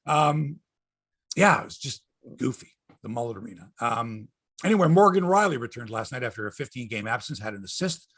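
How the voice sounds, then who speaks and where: A man's voice: mid-range voice, expressive, a little fast, fairly bright tone, breathy edge. A middle-aged Canadian man hosting a sports podcast, chatting casually in a rambling, profane, wry way. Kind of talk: casual chat.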